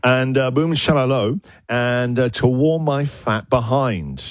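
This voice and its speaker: A man's voice: medium pitch, unhurried, no room sound, studio quality. A man hosting a radio show, joking through listener submissions and laughing often. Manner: jokey, laughs often, lively delivery. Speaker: radio host. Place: radio studio. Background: music.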